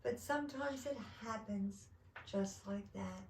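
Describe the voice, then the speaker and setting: A storybook mother with a gentle, sing-song way of scolding, as a woman reads her aloud. She speaks slowly and sits a bit high. The sound carries a roomy echo. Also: gravelly, distant mic, slight background noise. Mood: exasperated. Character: patient mother of a pesky little girl.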